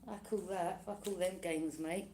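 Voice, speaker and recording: A woman's voice: on the low side, steady tone, moderate pace, warm tone. A woman giving a casual tarot reading, chatty and laughing often, acting out other people's lines. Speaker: tarot reader.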